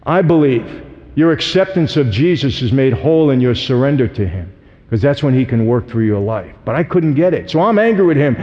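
A man tells his life story to an audience with earnest emphasis, addressing the listeners directly. His voice sits a little high. The lo-fi recording sounds dull and rings with the long reverb of a large hall. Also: expressive, a little fast, a little mellow. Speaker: speaker giving a testimony. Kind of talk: personal testimony to an audience.

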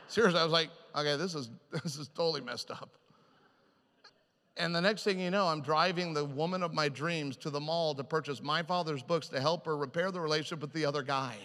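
A man telling a personal story as a humorous sermon, self-mocking and animated, jumping in and out of quoted voices before a live congregation. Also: on the high side, a little fast. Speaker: preacher. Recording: hall reverb.

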